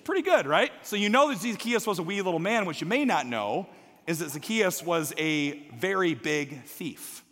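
A man's voice: on the high side, expressive, normal speed. Dynamic male preacher in a large reverberant hall. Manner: dynamic preaching, dropping to a hushed near-whisper and rising to emphatic calls. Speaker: pastor. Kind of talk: sermon.

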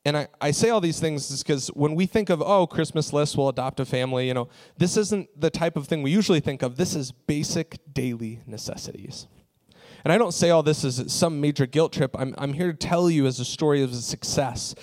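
A man's voice: mid-range voice, a little mellow. Man telling a story in a sermon. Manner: conversational storytelling with fillers. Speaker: pastor.

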